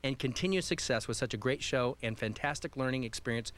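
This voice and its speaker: A man's voice: mid-range voice, brisk, a bit bright. A man hosting a live call-in radio show, upbeat and joking as he reads a listener email and talks to a caller. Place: radio studio.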